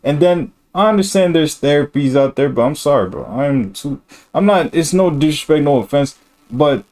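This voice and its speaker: A man's voice: medium pitch, vocal fry, darkish tone. A male streamer talking in a rambling, slangy and blunt way during a casual reaction stream.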